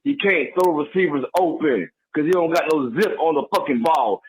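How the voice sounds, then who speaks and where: A man's voice: on the high side, moderate pace, hardly any pauses, slight background noise, poor audio. A man calling in to a podcast, ranting angrily with constant profanity. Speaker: caller. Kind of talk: angry call-in rant.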